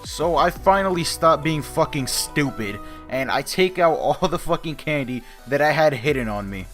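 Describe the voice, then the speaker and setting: A young man vlogger telling a casual storytime, animated, profane and mocking himself. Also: fairly high pitch, moderate pace, faint music behind.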